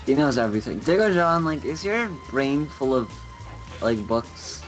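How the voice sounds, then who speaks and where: A man's voice: mid-range voice, sing-song, moderate pace, soft background music, low-quality recording. A man chatting as a guest on a game stream, slangy, full of "like" and swearing. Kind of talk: casual chat.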